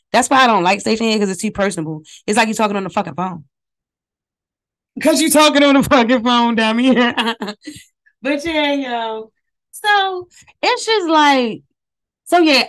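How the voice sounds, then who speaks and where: A woman's voice: on the high side, lively intonation, fairly quick, a bit bright. A woman hosting her podcast in a casual, rambling monologue. She swears a lot, wanders off topic and talks straight to her listeners, with her mouth close to a phone microphone. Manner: profane, digressive, talks to listeners directly. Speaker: podcast host.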